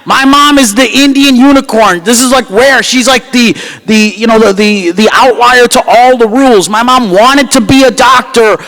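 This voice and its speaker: A man from the United States performing a loud, self-mocking stand-up comedy set at a gala banquet. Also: extremely high pitch, moderate pace, few pauses, rough recording. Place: gala banquet hall with live crowd.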